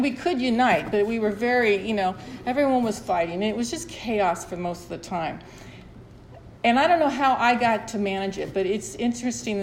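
A middle-aged woman shares her own story at a recovery support meeting, candid and rambling, often restarting her sentences. Her mid-range voice is a little mellow, with slight hiss or hum, an echoey room and faint ambience.

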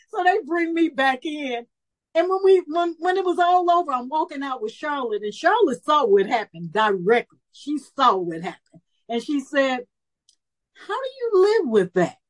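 A woman of about seventy telling a personal story at a recovery meeting, lively and animated, acting out the voices she quotes. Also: a little high, poor audio. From Chicago area. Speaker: speaker sharing her story at a recovery meeting.

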